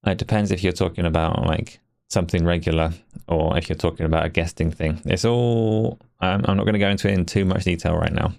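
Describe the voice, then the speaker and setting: Brief: low gravelly male streamer, shivering, rambling casual chat. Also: steady tone, brisk, a little mellow. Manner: rambling, chatty, says he is shivering from cold. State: shivering from cold. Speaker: stream host.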